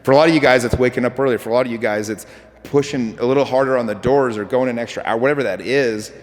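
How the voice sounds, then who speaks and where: A man giving a motivational talk to an audience, telling animated stories with acted-out quotes. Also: medium pitch, fast. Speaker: speaker. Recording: hall with reverb.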